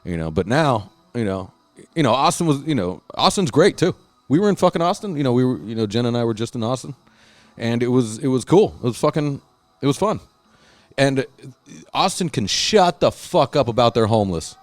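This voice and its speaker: A man's voice: medium pitch, big pitch swings, a little fast, dry recording. A man telling stories in a casual chat, rambling and swearing, often doing other people's voices. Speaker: podcast host and musician.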